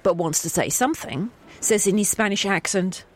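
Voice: mid-range voice, normal speed. A storyteller narrating a comic audio story and chatting playfully with a co-host, often laughing.

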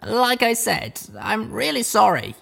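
A man's voice: sits high, big pitch swings, a little slow, vocal fry, bright, forceful tone, voice pushed up, heavily acted. A man reading an audiobook, voicing a tough young female pony heroine who speaks in a level, wry way. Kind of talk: audiobook character voice.

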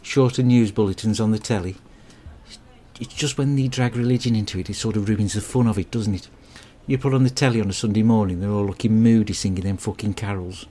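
A man delivers a crude, deadpan and rambling comic monologue. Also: on the low side, fairly quick.

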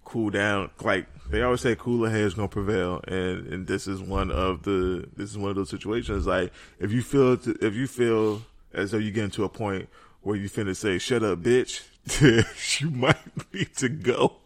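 A man's voice: fairly low pitch, steady tone, normal speed. A man in casual chat as a podcast co-host, laid-back and slangy, filling his talk with "like" and "you know.".

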